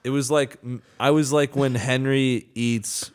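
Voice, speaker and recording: A man's voice: mid-range voice, fairly even intonation, unhurried, background noise. A young man co-hosting a casual podcast, telling a rambling, jokey story full of "dude" and "man". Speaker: podcast co-host. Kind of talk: casual chat.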